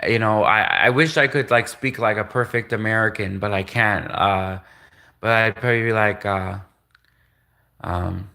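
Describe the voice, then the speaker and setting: A man's voice: lowish voice, fairly even intonation, normal speed, gravelly, bright, forceful tone. A Canadian man hosting a casual livestream, rambling and hesitant, laughing at his own jokes. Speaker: livestream host.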